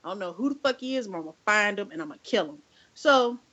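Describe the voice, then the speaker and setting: A woman's voice: medium pitch, expressive, fast talker, a bit bright. Woman podcast co-host, casual storytelling rant, cursing and exasperated, a bit muffled lo-fi audio. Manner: profane, exasperated, acts out both sides of phone calls.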